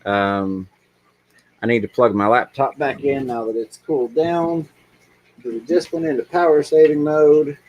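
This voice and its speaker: A man's voice: mid-range voice, a little slow, dull audio. A man hosting a casual livestream, reading chat aloud and rambling with many ums. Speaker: livestream host.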